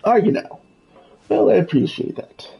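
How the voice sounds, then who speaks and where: A man's voice: medium pitch, a little slow, vocal fry, mellow, rough recording. A man voicing a grumpy, miserly old male duck tycoon while reading game dialogue, in a blustery old-man voice with a half-tried Scottish lilt. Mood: gruff.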